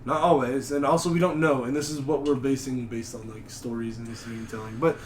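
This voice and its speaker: A man telling rambling, animated stories on a casual podcast. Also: medium pitch, fast. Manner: rambling, animated storytelling with mocking put-on voices. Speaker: podcast host. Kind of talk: casual chat. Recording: echoey room with faint noise.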